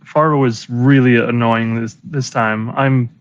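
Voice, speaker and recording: A man's voice: medium pitch, steady tone, unhurried, lo-fi sound. Stammering man retelling a movie. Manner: stammering restarts, eager retelling. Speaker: podcast co-host. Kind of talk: casual chat.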